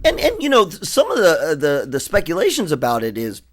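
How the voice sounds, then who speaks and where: A man's voice: a little high, huge pitch swings, brisk, slight background noise. A middle-aged man co-hosting a radio talk show, chatting casually and rambling with many restarts. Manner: rambling, restarts often, laughs easily. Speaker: radio co-host.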